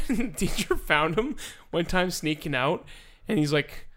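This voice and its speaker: A man's voice: fairly high pitch, measured pace. A young man co-hosting a podcast, casually telling school stories, acting out voices and laughing often. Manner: animated storyteller, acts out quoted voices, laughs often. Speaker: podcast co-host. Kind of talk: casual chat.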